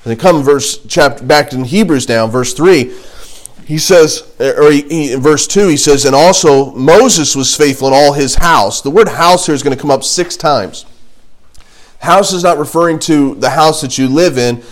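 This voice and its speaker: A man teaching a Bible class in a relaxed, conversational way, reading scripture aloud and breaking off with jokes and asides. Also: on the high side, normal speed.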